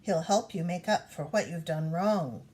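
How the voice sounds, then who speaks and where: Wise old woman, calm and firm, slow deliberate delivery, read by a woman; storybook. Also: lowish voice, lightly acted.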